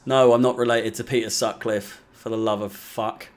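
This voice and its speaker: A man's voice: fairly low pitch, steady tone, moderate pace. A young man from England hosting a live football watch-along, deflated, sweary and sarcastic. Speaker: fan channel host.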